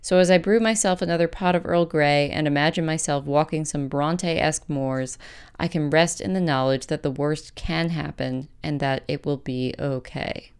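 A woman podcast host reading her own essay aloud and then chatting about it, with a measured, gentle delivery. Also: sits low, steady tone, clear, resonant tone.

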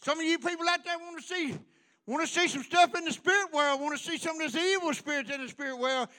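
A man preaching a fiery revival sermon, building into shouted, repeated runs in a church. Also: very high-pitched, fast. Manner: preaching in rising shouted runs, repetitive cadence. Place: church sanctuary.

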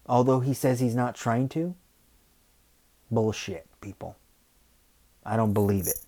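Male podcast host, mid-pitched voice, opinionated ranting monologue. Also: unhurried, pauses often, dark tone. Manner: opinionated, repetitive, frequent "you know" and "okay".

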